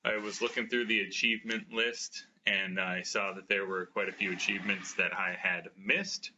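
An American man co-hosting a casual podcast, his voice low but with a very bright, forceful edge. He jokes at his own expense and laughs a lot. The audio sounds dull and lo-fi. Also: little pitch movement, moderate pace, slight background noise. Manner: self-deprecating, laughing often. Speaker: podcast co-host. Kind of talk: casual chat.

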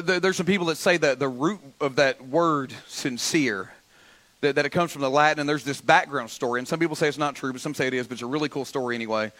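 A pastor preaching a sermon to his church, calling on the congregation to answer back, with frequent stammered restarts and swings up to loud exhortation. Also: fairly high pitch. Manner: builds from calm teaching to loud, rising exhortation; frequent repeated starts and stammers. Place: church sanctuary.

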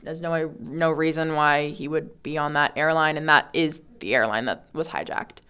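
Young woman co-host, low-pitched smooth voice, jokey true-crime chat. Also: normal speed, bright, forceful tone. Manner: laughs often, jokey riffing. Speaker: podcast co-host. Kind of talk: casual chat.

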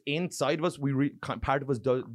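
Profane Irish comedian telling stories. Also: male voice, medium pitch, a little fast, no echo, studio quality. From Ireland. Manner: profane, storytelling, animated. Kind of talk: casual podcast chat.

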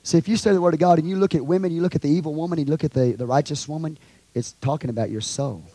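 A man with a Texan accent preaching a sermon to his congregation, swinging from quiet asides to loud shouted lines. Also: a little high, racing. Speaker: pastor. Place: church.

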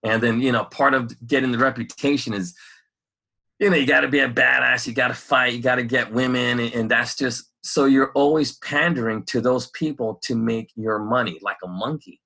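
Animated, rambling man with a bright, husky voice. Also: mid-range voice, normal speed. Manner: animated, rambling, frequent fillers and restarts; laughs often while talking. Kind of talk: casual chat.

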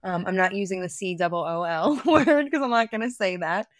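A woman's voice: mid-range voice, brisk, no room sound, studio quality. A woman co-hosting a podcast, talking casually about reality TV, often saying "like" and circling back mid-thought. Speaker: podcast co-host. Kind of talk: casual reality-TV recap chat.

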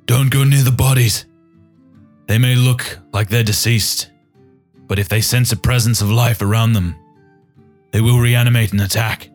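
A man's voice: mid-range voice, fairly even intonation, normal speed, pauses often, faint music behind, pitched above the performer's own voice, close to an everyday voice. A man voicing a solemn male mage guide in a tabletop game, speaking in a formal, commanding way. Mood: urgent.

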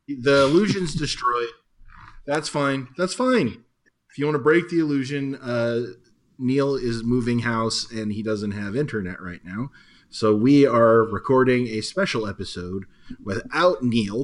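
A man co-hosting a relaxed trivia podcast among friends. He jokes around, laughs easily, and talks at an ordinary middle pitch. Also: measured pace. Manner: jokey, laughs often. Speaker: podcast co-host. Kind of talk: casual chat.

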